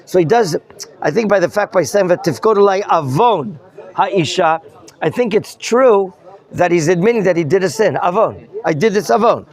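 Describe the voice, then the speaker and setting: A man's voice: sits high, expressive, fairly quick, darkish tone. A rabbi teaching a Bible class, questioning his students and explaining the terms as he goes. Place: study hall classroom.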